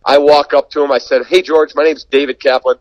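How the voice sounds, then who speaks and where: A fairly high-pitched male voice moves a little fast, heard through a dry recording with dull audio. He works in sports broadcasting on radio and TV and is telling a story during a laid-back podcast chat. Full of energy, he acts out the dialogue he quotes.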